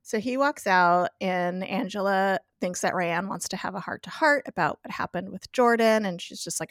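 A woman's voice: mid-range voice, moderate pace, hardly any pauses, no echo, studio quality. Laughing woman recapping a show. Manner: animated, acts out quotes, laughs often. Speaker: podcast guest recapping an episode. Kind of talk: casual recap chat.

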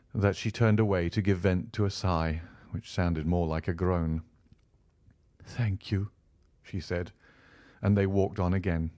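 Low-voiced man narrating an audiobook. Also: a little mellow, dry recording. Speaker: audiobook volunteer reader. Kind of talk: scripted narration of a classic novel.

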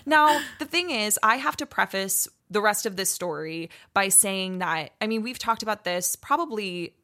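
A woman's voice: mid-range voice, animated, normal speed, sharp tone. A young woman co-hosting a podcast, telling a giddy story in casual chat and acting out what people said. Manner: giddy storytelling, acts out quoted speech. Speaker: podcast co-host.

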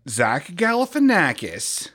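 Animated, rambling bright-voiced man. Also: fairly high pitch, slow pace, slightly rough. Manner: rambling, animated, self-interrupting with jokey bits. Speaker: podcast host. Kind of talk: casual comedic podcast chat.

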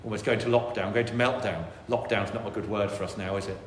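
Preaching quickly in a lowish voice, a male priest gives an animated sermon that voices worried inner thoughts. The church is echoey with long reverb, and there's a little hiss or hum in the audio.

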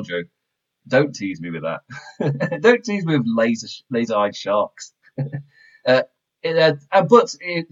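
A man casually reviewing a wrestling show, animated and laughing often. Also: medium pitch. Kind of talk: casual review chat with commentary. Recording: slightly dull lo-fi mic.

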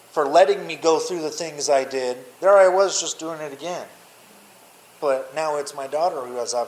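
A man, a podcast guest, telling his personal story candidly in blunt, profane words, often restarting and at times speaking low and quiet. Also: rough recording.

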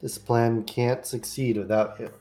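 A man playing a leader character in a tabletop role-playing game, speaking calmly. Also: mid-range voice, a little slow, faint music behind. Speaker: player.

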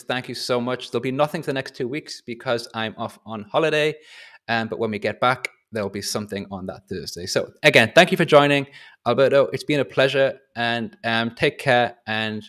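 A man hosting a casual podcast chat, telling a story in an animated, chatty way. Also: medium pitch, brisk. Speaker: podcast host.

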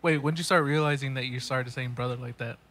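A man's voice: mid-range voice, steady tone, fast, fairly bright tone. A man co-hosting a podcast, chatting casually and cutting in with short questions. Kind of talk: casual chat.

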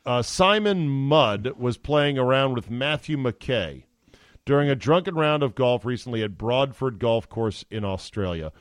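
A man's voice: medium pitch, animated, a little slow, no room sound, clean studio sound. A man hosting a podcast, telling stories in casual, profane, jokey chat. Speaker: podcast host.

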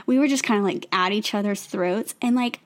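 Podcast co-host: woman, earnest, chatty, filler-heavy, mid-pitched. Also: brisk. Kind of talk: casual chat.

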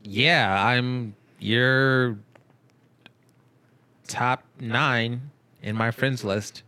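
A man co-hosting a podcast in casual banter, cracking deadpan, absurd jokes. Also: medium pitch, very slow, clean tone, no echo. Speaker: podcast co-host.

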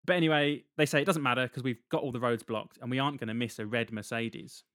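A man's voice: medium pitch, steady tone, fast talker, fairly bright tone, no room sound. A man, casually retelling a film's plot on a podcast with dry humor and frequent laughs. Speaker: podcast co-host recapping a film. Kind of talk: casual chat.

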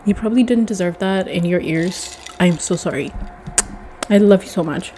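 A woman's voice: fairly low pitch, normal speed, mellow, slight background noise. A woman ranting to the camera in a casual vlog, swearing often and sounding exasperated. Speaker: vlogger.

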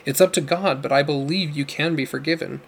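A man voicing a young male missionary who speaks in a calm, consoling way. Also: on the high side, brisk, gravelly.

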